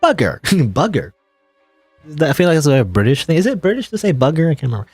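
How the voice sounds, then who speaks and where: Man, casual let's-play commentary, joking asides, lively pitch. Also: very fast, slightly rough, dry recording, soft background music. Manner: joking, self-mocking asides. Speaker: game streamer.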